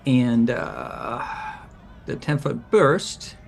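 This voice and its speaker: A man playing a tabletop game, describing his moves in halting, restarting speech. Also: medium pitch, gravelly, soft background music. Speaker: player. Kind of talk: casual tabletop game talk.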